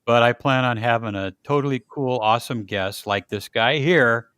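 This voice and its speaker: A man's voice: medium pitch, normal speed, a bit bright, clean tone, dry recording. Older man hosting a joking chat. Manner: jokey, chuckling anecdotes. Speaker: podcast host. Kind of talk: casual chat.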